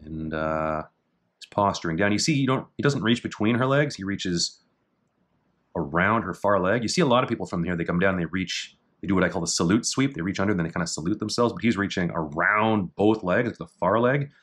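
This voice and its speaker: A middle-aged man casually talking through techniques in a martial arts book, with dry offhand asides and slow, halting reading of foreign terms. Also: low voice, a bit bright, slightly rough. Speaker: jiu-jitsu instructor reviewing a technique book. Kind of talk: casual commentary.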